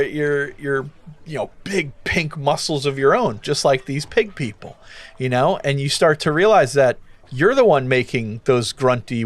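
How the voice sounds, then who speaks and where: A man narrating as game master of a tabletop game, casual and animated. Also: fairly high pitch. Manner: casual, animated storytelling with many fillers.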